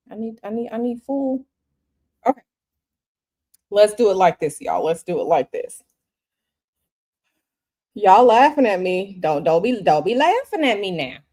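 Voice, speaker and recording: A woman with a medium-pitched, dark-toned voice hosts a tarot livestream from a hotel room. As a tarot reader, she chats casually with her viewers and repeats herself often.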